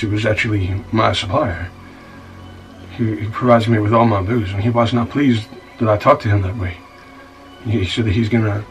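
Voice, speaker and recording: Man playing a scoundrel bar owner, stammering and repeating, low voice, heard from a distance, music behind. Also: a bit bright, close to an everyday voice. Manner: stammering, repeats words, calls the listener "son". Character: rough, self-pitying male bar-owner scoundrel. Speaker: bar owner recounting his troubles. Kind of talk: monologue in a comedy-drama web series.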